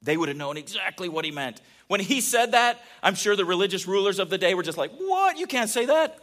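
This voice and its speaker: A pastor preaching in a relaxed, conversational way, his voice sitting a bit higher than most men's. He keeps turning to his listeners with questions, dropping into quiet asides and then rising into emphatic peaks. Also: fast. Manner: animated, asks the audience questions, swings between soft asides and emphatic peaks. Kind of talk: conversational sermon.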